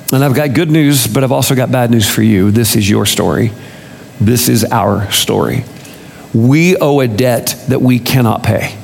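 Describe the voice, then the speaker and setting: A man's voice: medium pitch, creaky. A man preaching a casual, conversational sermon, full of rhetorical questions and self-corrections. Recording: long reverb of a large hall.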